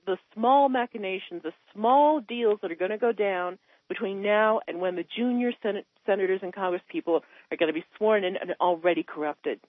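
A woman's voice: normal speed, few pauses, no echo. Impassioned woman caller on a tinny phone line. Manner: impassioned, voice climbing high when upset. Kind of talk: heated political phone-in rant.

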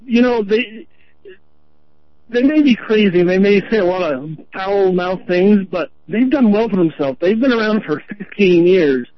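Radio caller, high-voiced Vermont man, earnest and rambling, thin phone-line sound. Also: expressive, moderate pace, no room sound. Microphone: telephone.

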